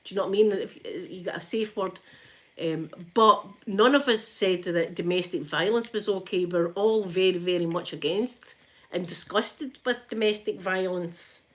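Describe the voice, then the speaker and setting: A woman's voice: lowish voice, normal speed, a bit bright. A Scottish woman chatting casually to her viewers at home, talking freely and laughing often. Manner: chatty, laughs often, addresses chat by name. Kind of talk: casual live-stream chat while ironing.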